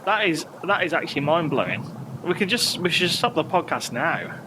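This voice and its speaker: A man's voice: fairly high pitch, very animated, moderate pace, noisy background. A young man co-hosting a podcast, telling stories in a chatty way and laughing easily. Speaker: podcast co-host. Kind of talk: casual chat.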